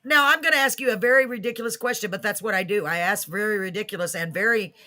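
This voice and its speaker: Lady hosting a live chat show, bright voice, giggles a lot, gets excited. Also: medium pitch, fast. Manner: giggly, excitable, self-mocking. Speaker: talk show host.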